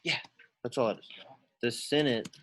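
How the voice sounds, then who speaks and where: A man's voice: medium pitch, normal speed, a bit bright, a little hiss or hum. A man teaching a Latin class, casually quizzing students by name and thinking aloud as he works through sentences in a classroom. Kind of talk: classroom lesson.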